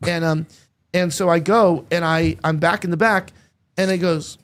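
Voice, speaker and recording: A podcast host telling a crude, joking anecdote in a casual chat. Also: male voice, a little high, steady tone, moderate pace.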